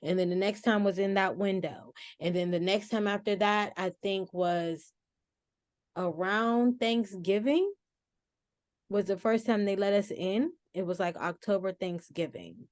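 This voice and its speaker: A woman in her forties speaking as a podcast guest, telling a family story in a casual, expressive way with frequent restarts and self-corrections. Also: medium pitch, measured pace, no echo.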